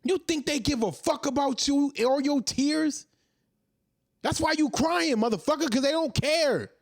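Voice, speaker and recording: A man's voice: extremely high pitch, a little slow, creaky, no echo, clean studio sound. A man in his thirties hosting a commentary show, ranting in a heated, profane monologue full of repeated rhetorical questions. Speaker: commentary host.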